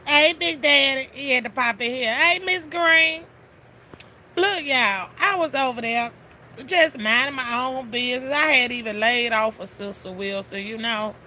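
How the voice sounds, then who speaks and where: A woman's voice: high voice, a little slow, pushed and bright, slight background noise. A woman chatting casually on a live stream, greeting viewers one by one in a sassy, talkative way.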